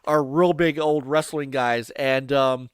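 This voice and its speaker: A man guesting on a gaming podcast, chatting excitably and often breaking into laughter. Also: mid-range voice, slow, smooth, no echo, studio quality. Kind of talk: casual chat.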